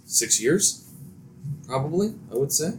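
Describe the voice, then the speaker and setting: A man from Central Ohio hosting a casual wrestling podcast, animated with quick asides and frequent laughs. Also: fairly high pitch, a little hiss or hum. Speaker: podcast host.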